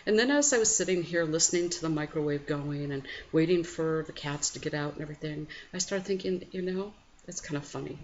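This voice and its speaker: A woman hosting a spiritual morning program, speaking slowly and gently with pauses, sometimes rising suddenly in energy, recorded at home at night. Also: deep voice. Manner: slow, gentle, pausing, with sudden lively rises. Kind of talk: reflective guided meditation talk. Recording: slightly muffled home recording with faint background noise.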